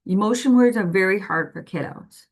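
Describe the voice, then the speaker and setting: A woman's voice: mid-range voice, moderate pace. A woman presenting to parents in a patient, explanatory way, walking through everyday examples. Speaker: parent guide presenting to families.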